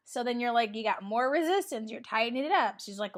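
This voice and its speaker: Chatty woman vlogger, fairly high voice. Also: fast, hardly any pauses. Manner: chatty and animated, acts out quoted lines. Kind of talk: casual motivational vlog.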